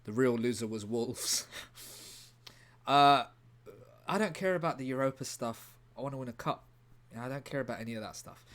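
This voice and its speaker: A man streaming live in a rambling, deadpan way, breaking off to answer his chat. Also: mid-range voice, brisk. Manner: rambling, deadpan, self-interrupting. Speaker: livestreamer reading chat. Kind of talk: casual livestream chat.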